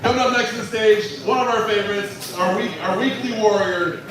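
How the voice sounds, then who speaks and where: A man emceeing a comedy night, introducing the next comic with loud hype. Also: sits high, brisk, recorded from a distance. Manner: hype announcer, shouting names. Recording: echoey live room with crowd and noise.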